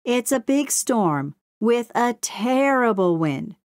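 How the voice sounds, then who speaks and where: A woman's voice: on the high side, very animated, takes it slowly, no echo, clean studio sound, pitched above the performer's own voice. A woman voicing a lazy, teasing male beaver in a storybook reading.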